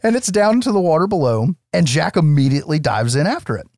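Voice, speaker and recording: A man from the United States co-hosting a casual film chat, animated, swearing and laughing often as he recaps the plot. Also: a little high, quick pace, dry recording, studio quality. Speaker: podcast co-host.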